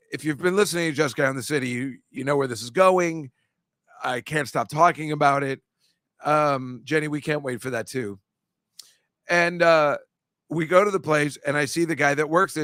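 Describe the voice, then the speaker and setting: A man hosting a podcast in casual chat, telling rambling stories and teasing listeners, with jumpy bursts of loudness. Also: fairly high pitch, no echo, studio quality. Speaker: podcast host.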